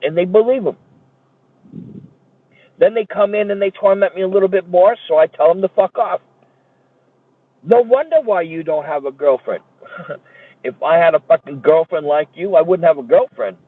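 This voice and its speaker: A man's voice: high voice, dry recording. A man ranting in a heated, profane and repetitive way, as if streaming a monologue. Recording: tinny phone-like dry audio.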